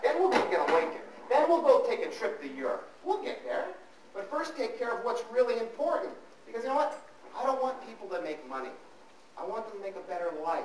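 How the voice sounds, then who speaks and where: A man's voice: sits high, a little hiss or hum. A man giving a live financial seminar, teasing the audience and repeating points with emphasis. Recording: roomy hall from a distance.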